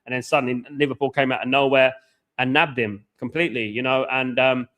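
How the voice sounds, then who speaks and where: A married man from hosting a football watchalong, talking fast and passionately, with lots of repetition and shout-outs to chat. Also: medium pitch. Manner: excitable, buzzing, repeats phrases, reads chat aloud. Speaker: watchalong host. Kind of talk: casual live-stream chat. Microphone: headphones with mic.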